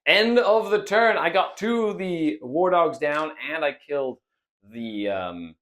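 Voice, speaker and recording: A man calls a tabletop battle turn by turn. His voice sits a little high, and its pitch swings widely. He laughs often and throws in playful exclamations. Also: animated, unhurried, a bit bright. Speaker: host and player. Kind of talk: tabletop battle report commentary.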